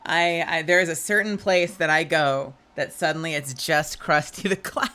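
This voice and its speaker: A woman's voice: low-pitched, unhurried, bright, forceful tone. A woman in her thirties chatting casually on a live stream, giggly and playful with lots of swearing. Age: 30s. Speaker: livestreamer.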